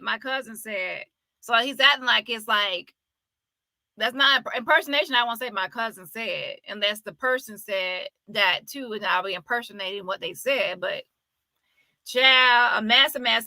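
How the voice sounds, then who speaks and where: A woman's voice: on the high side, normal speed, sharp tone, no echo. A woman hosting a casual live-stream commentary, chatty and often exclaiming as she talks. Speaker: commentary host.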